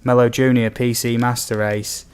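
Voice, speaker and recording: A man's voice: medium pitch, little pitch movement, normal speed, smooth. A young British man chatting casually on a game stream, reading out viewer questions with lots of ums and asides. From United Kingdom. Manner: rambling, reads out viewer comments with many ums. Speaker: gaming streamer. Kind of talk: casual live-stream chat.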